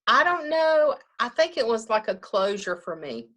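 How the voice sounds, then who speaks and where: A woman's voice: a little high, big pitch swings, moderate pace, fairly bright tone. A woman funeral director talking casually in an interview, chatty, often laughing and acting out what people say.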